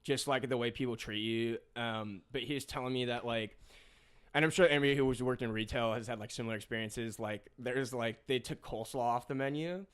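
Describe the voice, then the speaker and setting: A man's voice: mid-range voice, fairly quick, a bit bright, clear, resonant tone. A young man co-hosting a podcast, telling stories in a rambling casual way with lots of filler words and laughter. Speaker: podcast co-host. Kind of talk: casual chat.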